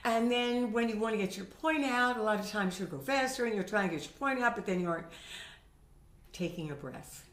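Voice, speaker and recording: A middle-aged woman voice teacher recovering from a sinus infection, chatting and demonstrating pitch with her own voice in a home video lesson. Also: fairly quick, a bit bright. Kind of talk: instructional video talk. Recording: roomy home recording.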